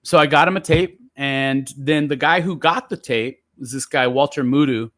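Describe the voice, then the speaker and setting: A man telling stories in relaxed, casual chat as a guest poet, with lots of fillers. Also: mid-range voice, moderate pace, dry recording, clean studio sound. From San Jose area. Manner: relaxed, chatty storyteller with many fillers.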